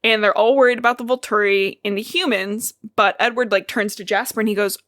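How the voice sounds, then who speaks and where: A Midwestern American woman recapping a book on a podcast in a loose, chatty way, cursing now and then and breaking into laughter. Her voice sits in an ordinary middle pitch. The sound is dry and close. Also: steady tone, a little fast, few pauses, a bit bright, no room sound. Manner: chatty, swears freely, laughs often, retells scenes. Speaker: podcast co-host. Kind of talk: casual book-discussion chat.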